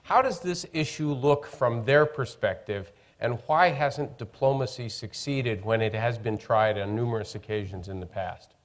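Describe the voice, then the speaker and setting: Male moderator posing a question. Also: mid-range voice. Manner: polite, measured questioning. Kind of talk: panel moderation.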